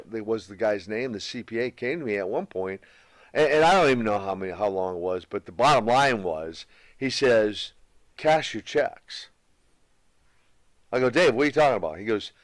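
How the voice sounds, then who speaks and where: Man, wrestling guest, relaxed storyteller, dry close sound, middle pitch. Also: no room sound. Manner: relaxed anecdotal storyteller, many restarts. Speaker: guest, former pro wrestler. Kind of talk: storytelling in a casual interview.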